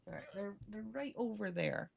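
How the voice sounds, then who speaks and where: A woman's voice: medium pitch, expressive, normal speed, creaky, dull audio, noisy background. A Scottish woman from Scotland, chatting casually and rambling with dry humor while she streams a game. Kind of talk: casual chat while gaming.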